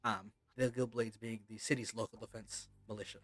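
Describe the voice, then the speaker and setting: A man's voice: fairly low pitch, steady tone, fairly quick, fairly bright tone, no room sound. A man running a tabletop game as game master, describing scenes in a loose, meandering way.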